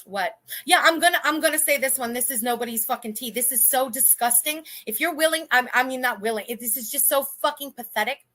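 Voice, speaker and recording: Woman in her 30s, livestream host, high and bright, blunt and foul-mouthed, rambling. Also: brisk, hardly any pauses. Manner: blunt, profane and indignant, rambling with restarts. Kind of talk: casual livestream commentary.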